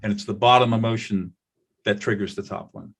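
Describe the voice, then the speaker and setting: An older man, a conflict mediator, talking in a podcast interview and telling stories with lively acted-out quotes. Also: fairly low pitch, fairly quick, vocal fry, breathy edge. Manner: animated storyteller, acts out quoted voices.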